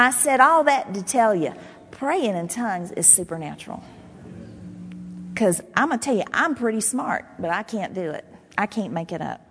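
Lady pastor preaching, chatty and lively, voice rings out in a big church hall. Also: mid-range voice, slightly rough. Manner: conversational, animated preaching with made-up syllables. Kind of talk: sermon. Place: church sanctuary. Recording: long hall reverb.

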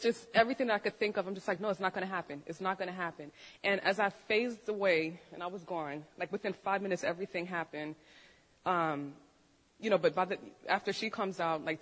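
A woman gives a lively testimony to a church congregation and acts out the other voices as she tells it. Her voice sits in the middle of the range. A long reverb from the church hall trails behind each phrase. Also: mid-range voice, breathy edge. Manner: animated storytelling, acts out voices. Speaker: nurse giving a church testimony.

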